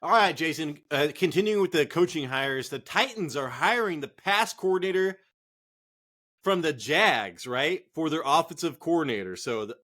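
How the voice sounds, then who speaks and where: A man co-hosting a casual fantasy football chat, profane, excitable and rambling. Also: on the high side, moderate pace. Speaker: fantasy football podcast co-host.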